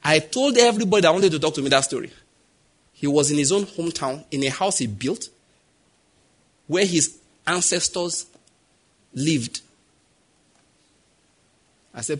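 Husky Nigerian preacher man. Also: a little high, unhurried, pauses often. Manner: animated storytelling, acting out quoted voices. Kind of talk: sermon.

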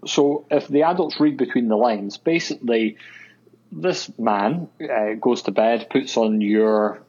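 A man's voice: mid-range voice, measured pace, a little mellow, breathy edge, lo-fi sound. A Scottish man chatting as a guest on a podcast, hesitant and full of fillers. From Scotland. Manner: hesitant, full of ums and uhs. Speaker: guest, web designer. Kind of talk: casual podcast chat.

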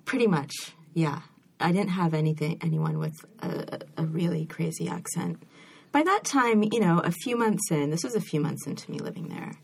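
A woman's voice: lowish voice, sing-song, moderate pace, a little hiss or hum. An American woman, a novelist, chatting as a guest in an interview with frequent ums and restarts. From United States. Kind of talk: casual interview chat.

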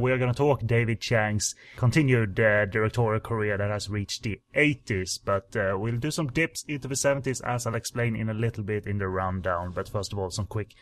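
A man's voice: on the low side, a bit bright. A man hosting a film podcast in casual chat, teasing his co-host and talking with many fillers.

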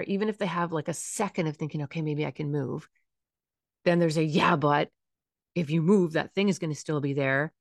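Low-voiced woman explaining calmly. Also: vocal fry, dry recording, clean studio sound. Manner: calm, instructive, acts out soft soothing phrases. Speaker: podcast host. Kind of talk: explanatory podcast talk.

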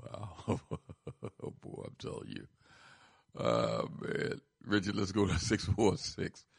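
A man's voice: low-pitched, sing-song, slow, gravelly, slightly rough. A man hosting a talk radio show, giving brief, laid-back replies and taking calls. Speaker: radio host.

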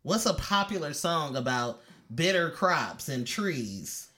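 A woman's voice: sits low, sing-song, bright, forceful tone. A woman co-hosting a podcast, chatting casually with her partner and teasing her playfully. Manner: teasing, playful, quick to deny. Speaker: podcast co-host. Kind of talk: casual chat between partners.

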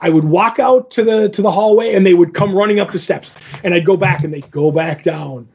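A man co-hosting a podcast, casually retelling a comic story in a rambling, animated way with lots of fillers. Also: high voice, a little fast, husky, lo-fi sound. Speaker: podcast co-host.

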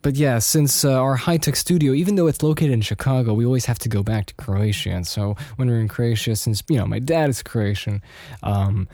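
This podcast host, from the United States and Austria, has a warm, mid-range voice and a brisk pace. Recorded dry and at studio quality, he meanders through a personal story with plenty of fillers and restarts.

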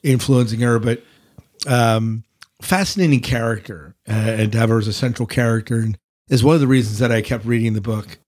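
A man's voice: medium pitch, a little fast, a little mellow. A man hosting a casual podcast book discussion, rambling and teasing his co-hosts. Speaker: podcast host.

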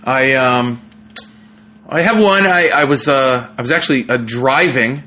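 A young man, a comedian, telling a story in a casual, animated way, with lots of fillers and laughter. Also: medium pitch, a little slow. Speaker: comedian guest.

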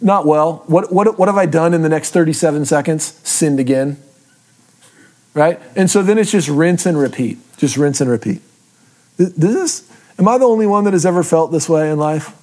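A man teaches from the Bible in an easygoing, self-deprecating way, often pausing on tag questions to check in with those listening. His voice is on the high side and a little mellow, and he moves at a moderate pace.

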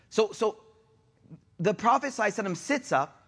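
High-voiced man preaching casually. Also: lively intonation, fast, long pauses, fairly bright tone, breathy edge. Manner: casual retelling with everyday asides; mixes in Arabic honorifics and quotes. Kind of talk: sermon storytelling.

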